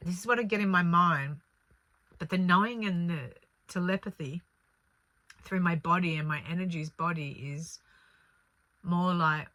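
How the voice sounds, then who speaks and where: A woman who works as a spiritual channeller, telling a personal spiritual story in an earnest, animated way with many fillers. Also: lowish voice, no room sound.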